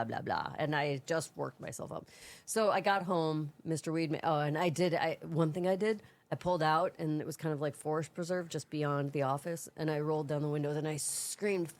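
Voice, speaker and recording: A woman co-hosting a podcast, telling a long, rambling story in casual chat. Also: deep voice. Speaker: podcast co-host.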